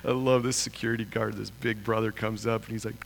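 A pastor from Idaho telling a humorous, self-deprecating story in a sermon. He talks in an animated way and chuckles often. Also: on the low side, fast, vocal fry, slight background noise. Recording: long reverb of a large hall.

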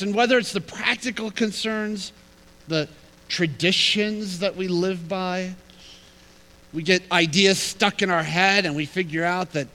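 A man preaching a sermon in an animated, humorous, conversational way. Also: high-pitched, a little slow, low-quality recording. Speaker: pastor.

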